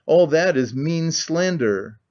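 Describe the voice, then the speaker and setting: A man's voice: on the high side, expressive, takes it slowly, a little mellow, lo-fi sound, voice pushed up. A man voicing a bitter young man who speaks sharply and scornfully. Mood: cutting.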